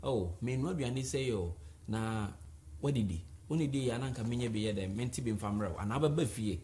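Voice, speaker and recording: A man's voice: mid-range voice, a little fast, mellow, a little hiss or hum. A man hosting a studio chat show, recapping his guest's points.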